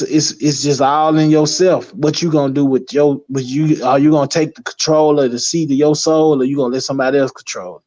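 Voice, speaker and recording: A man's voice: on the high side, darkish tone. A man talking as a guest in casual chat, rambling and emphatic, swearing freely. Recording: dull lo-fi recording.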